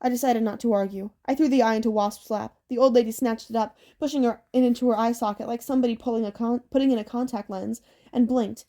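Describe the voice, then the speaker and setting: A woman narrating an audiobook in a steady storytelling read. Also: on the high side, fast talker.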